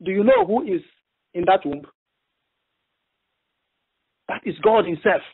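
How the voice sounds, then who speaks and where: High-voiced husky male preacher on phone. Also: big pitch swings. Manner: halting, repeats himself, emphatic retelling. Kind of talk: sermon over a phone prayer line. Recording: tinny phone line.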